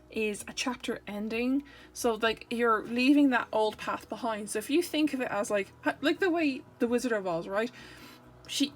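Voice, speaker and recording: A woman giving a casual, chatty tarot reading to camera, playful and rambling, often correcting herself mid-sentence. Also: a little high. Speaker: tarot reader.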